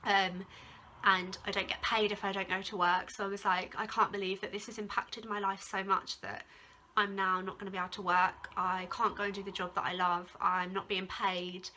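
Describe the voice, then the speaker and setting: She's a young Englishwoman vlogging casually to camera, recounting an ordeal in a rambling, filler-packed way with lots of "like" and some emotional moments. The mid-range voice is level, moderately paced, pushed and bright, over slight background noise.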